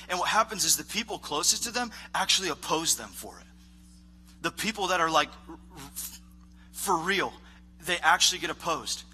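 A man preaching a casual, animated sermon as a youth pastor, acting out voices of characters. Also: fairly high pitch, husky.

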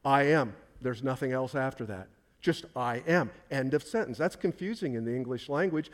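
A pastor delivers a sermon in an even, mid-pitched man's voice. He presses his points with emphatic repetition and puts questions to the congregation that he answers himself. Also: normal speed. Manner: emphatic, repeats key phrases for stress.

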